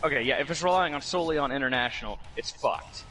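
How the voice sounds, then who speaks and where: A man joking and swearing loudly while chatting with friends during a game stream. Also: mid-range voice, fast, crowd noise. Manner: loud, joking, swearing banter. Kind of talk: casual gaming chat with friends.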